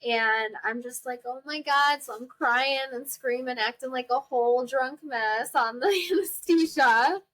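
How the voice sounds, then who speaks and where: A young woman hosting a podcast, telling a personal story in a chatty, animated way, acting out the people she quotes and laughing often. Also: sits high, a little slow, hardly any pauses, low-quality recording. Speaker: podcast host. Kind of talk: casual storytelling monologue.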